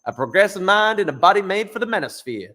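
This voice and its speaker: A man reading a newspaper passage aloud in a put-on Southern American accent, an exaggerated mock drawl, pitched up and loud. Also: very animated, quick pace, exaggerated voice.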